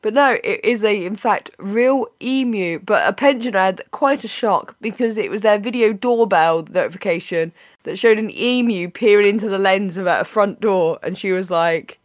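A woman hosting a casual podcast, chatty and playful, her voice a little raspy today. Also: mid-range voice, moderate pace, no echo, studio quality. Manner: chatty, playful, laughs often. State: slightly raspy voice. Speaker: podcast host.

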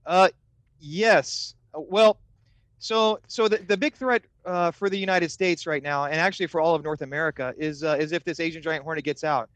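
A man's voice: on the high side, normal speed, fairly bright tone, dry recording. Hesitant beekeeper man, dry sound. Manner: hesitant, many filler words. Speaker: beekeeper guest. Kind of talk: casual podcast chat.

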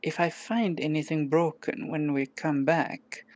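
A woman voicing a strict motherly cat who scolds kittens slowly. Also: low-pitched, steady tone, darkish tone. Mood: scolding. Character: stern motherly cat, older female.

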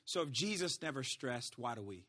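A male pastor preaching a sermon in an animated way, swinging between shouts and hushed asides. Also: medium pitch, moderate pace.

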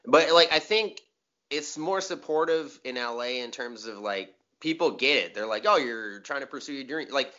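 A man's voice: medium pitch, moderate pace. A young man, chatting casually and profanely as a comedian co-host, slipping into mocking voices. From Metro Detroit area. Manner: profane, animated, mocks locals in exaggerated voices. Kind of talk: casual chat. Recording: lo-fi dull audio.

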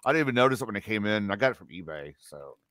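A man's voice: fairly low pitch, lively intonation, rapid-fire, a bit bright, dry recording. A man hosting a podcast in casual chat, joking and swearing with guests. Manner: joking, swears, laughs often. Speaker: podcast host.

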